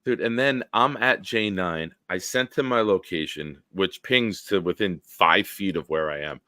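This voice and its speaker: A man hosting a casual livestream chat, telling rambling, excitable stories. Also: deep voice, unhurried, no room sound. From Northeastern US. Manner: rambling, excitable storyteller who swears casually. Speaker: host.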